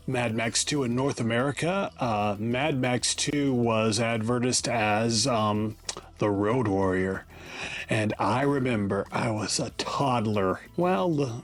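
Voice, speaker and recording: A man's voice: mid-range voice, a little slow. A man hosting a show, rambling casually through a movie rant with many fillers. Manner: rambling, full of fillers, nostalgic. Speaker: host. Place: studio.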